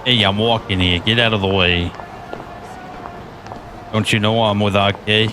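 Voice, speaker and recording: A man's voice: lowish voice, steady tone, unhurried, background noise, close to an everyday voice. A man putting on a brash New York tough-guy voice, blustering and mock-aggressive. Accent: New York, put on.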